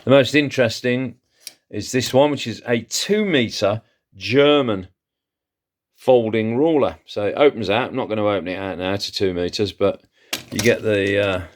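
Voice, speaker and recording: A man who hosts a vlog and chats with enthusiasm as he shows off his antiques haul, with frequent fillers. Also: lowish voice. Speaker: antiques seller and channel host. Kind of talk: casual haul vlog, showing items.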